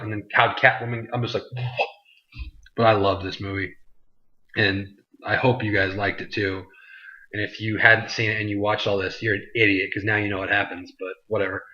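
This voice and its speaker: Casual male vlogger, lowish bright voice, rambling movie recap on a muffled lo-fi mic. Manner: loose, chatty, full of "like" and "you know". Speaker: vlog host reviewing a movie. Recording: dull lo-fi sound.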